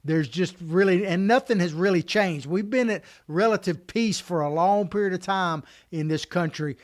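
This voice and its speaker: A man co-hosting a political podcast, talking emphatically in an animated way. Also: high-pitched. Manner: animated, emphatic, quick restarts. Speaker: podcast co-host.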